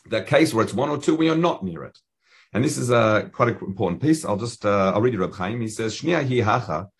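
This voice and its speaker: A man's voice: medium pitch, slightly rough. A man teaching a Talmud lesson in casual English, reading Hebrew and Aramaic phrases aloud as he goes.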